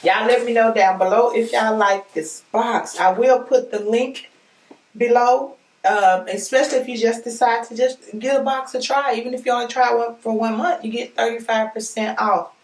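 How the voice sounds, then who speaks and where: A fairly high-voiced woman gushes her way through an unboxing, talking right to her viewers. She sounds a little distant from the mic. The room echoes around her. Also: moderate pace. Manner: excitable, gushing, talks straight to viewers. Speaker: unboxing vlogger. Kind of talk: casual unboxing chat. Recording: roomy echo, mic at a distance.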